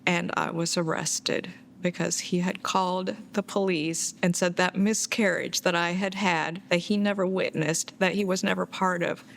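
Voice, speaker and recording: A woman giving a documentary interview, recounting her own story in a halting, soft-spoken way with sighs. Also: fairly low pitch, fairly even intonation, vocal fry, a little hiss or hum. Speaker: abuse survivor telling her story.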